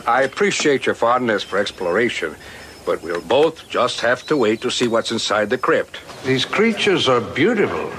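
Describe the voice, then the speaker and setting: A man's voice: mid-range voice, very animated, normal speed, fairly bright tone, slight background noise. An actor in a film clip playing a male archaeologist who guards a dig site, with a put-on Mexican accent. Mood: stern. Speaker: film clip played by the hosts.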